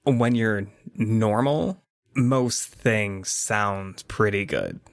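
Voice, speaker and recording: A man's voice: lowish voice, extremely slow, no room sound, clean studio sound. A man doing a sly, streetwise teenage girl. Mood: blunt. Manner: lazy, sly drawl. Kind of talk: tabletop actual-play character voice.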